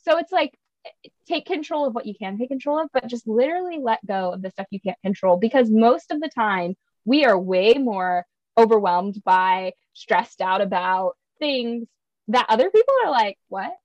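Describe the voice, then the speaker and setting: A woman's voice: on the high side, animated, moderate pace, darkish tone, no room sound, dull audio. A young woman talking casually on a podcast, chatty and laughing often, acting out her own voice when quoting herself. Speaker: podcast guest.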